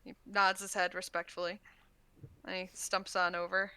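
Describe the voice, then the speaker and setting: A woman's voice: fairly low pitch, level tone, normal speed, bright, forceful tone, clean tone. A woman narrating as dungeon master, talking hesitantly with many stops and restarts. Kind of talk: narrating a tabletop game.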